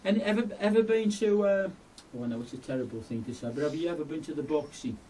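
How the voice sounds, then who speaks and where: A man speaks as a medium, earnest and confiding as he explains his sense of a spirit. His tone is mellow, and he sounds set back from the mic. Faint noise lies behind him. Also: fairly high pitch, animated, fast talker, distant mic, poor audio. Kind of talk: explaining spirit contact to a client.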